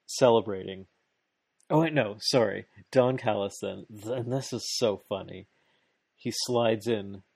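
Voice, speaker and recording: A man in casual chat, recapping a match play by play with excitement, laughing often and restarting his sentences. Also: lowish voice, gravelly, no room sound.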